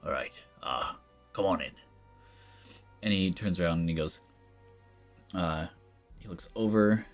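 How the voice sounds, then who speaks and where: Very deep-voiced male game master. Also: animated, unhurried. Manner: loose, rambling narration full of fillers. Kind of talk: narrating a tabletop game. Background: faint background music.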